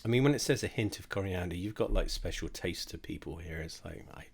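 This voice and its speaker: A tipsy young man talks his way through a drinks tasting in a low voice. He rambles and swears freely, and mocks his own efforts as he sips. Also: lively intonation, a little fast, vocal fry, slightly rough. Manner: rambling, sweary, self-mocking. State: drunk. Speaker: host of a drinks tasting video. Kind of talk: casual tipsy tasting monologue.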